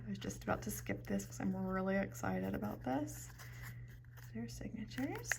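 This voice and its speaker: A woman's voice: mid-range voice, animated, moderate pace, vocal fry, noisy background. A woman showing off jewelry beads in a casual vlog, chatty and gushing, often dropping to a whisper. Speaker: jewelry bead reviewer. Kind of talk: casual show-and-tell vlog.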